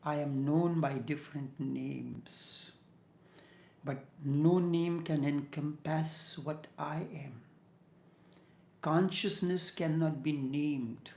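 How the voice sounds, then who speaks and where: A man delivers a meditative spiritual discourse at a very unhurried pace. His measured phrases often fall to a soft whisper on key words. The voice carries a roomy echo. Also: on the high side, gravelly. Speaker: spiritual teacher. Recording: echoey room.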